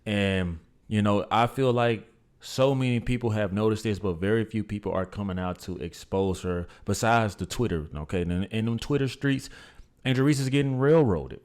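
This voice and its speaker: A man's voice: on the low side, normal speed, darkish tone. A man hosting a reaction channel, giving opinionated, emphatic commentary to his viewers.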